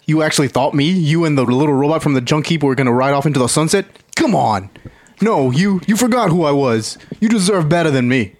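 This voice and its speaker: A man voicing a weary male fighter-trainer, reading a film monologue aloud in a flat, continuous way. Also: on the high side, brisk. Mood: pleading. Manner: reads a dramatic monologue flatly.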